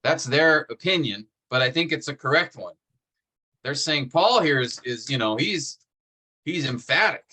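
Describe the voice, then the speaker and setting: Guy teaching seminary on a video call, keeps saying right?, bright voice. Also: mid-range voice, expressive, moderate pace. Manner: explanatory, asks the class "right?" often. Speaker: seminary instructor. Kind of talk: online class teaching.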